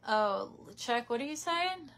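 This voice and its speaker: A woman's voice: a little high, expressive, unhurried, a bit bright. Young woman rambling on a webcam live stream at her parents' house, casual and chatty. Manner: chatty, reads viewer comments aloud.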